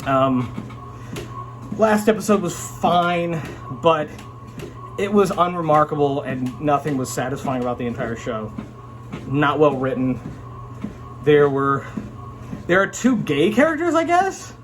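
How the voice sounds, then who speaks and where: A man's voice: a little high, expressive, unhurried, long pauses, noisy background. A man casually reviewing a show he watched, rambling and frank, with lots of fillers and restarts. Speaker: vlogger reviewing an anime.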